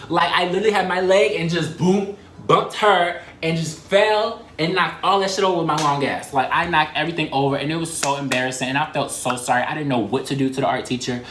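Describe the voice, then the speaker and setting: A man in his twenties telling an embarrassing story in a fast, animated and profane way, full of slang and "like" fillers. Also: on the high side, a little hiss or hum. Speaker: vlogger. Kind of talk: casual storytime. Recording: roomy echo.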